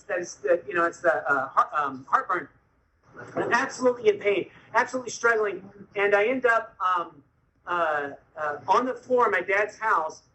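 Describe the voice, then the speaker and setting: A man spins a self-mocking recovery story for an audience, his voice pitched high and ringing bright. He acts out the scenes and quotes people as he goes. A faint hum of noise sits under the recording. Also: rough recording.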